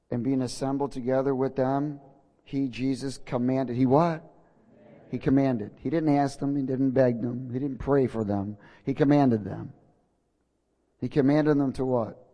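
A man's voice: mid-range voice, warm tone. A man preaching a sermon, emphatic and repetitive, asking the congregation to answer back. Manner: call-and-response, emphatic and repetitive. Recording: echoey hall with long reverb.

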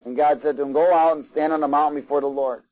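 A man's voice: fairly high pitch, steady tone, fast, a little mellow. A man preaching a sermon, reading scripture aloud and stopping for asides and questions to the congregation. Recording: slightly dull, lo-fi sound.

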